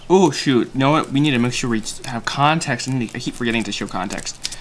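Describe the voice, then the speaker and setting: A man's voice: medium pitch, quick pace. A young man hosting a casual livestream while storyboarding, thinking aloud with self-mocking asides and many fillers. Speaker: animator and livestream host.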